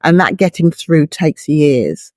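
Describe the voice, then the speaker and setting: A woman's voice: sits low, big pitch swings, slow, darkish tone, no room sound. Earnest middle-aged woman, dry close sound. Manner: earnest, heartfelt, speaks in extended images. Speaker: bereaved mother, guest. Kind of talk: reflective interview talk.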